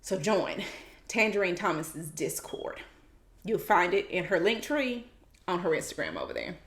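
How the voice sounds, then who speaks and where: A woman in her thirties hosting her own podcast, chatting casually and animatedly, with quick asides and quoted remarks from friends. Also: lowish voice, very animated. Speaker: podcast host. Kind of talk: casual solo podcast chat. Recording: roomy echo.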